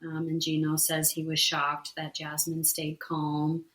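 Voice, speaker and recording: A woman with a lower voice talks through a reality show episode in a relaxed podcast chat. She walks through what happened point by point, dotting it with "um" and "right?". The sound is roomy and echoey. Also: a little slow. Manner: recaps events step by step with many "um"s and "right?". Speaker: podcast co-host.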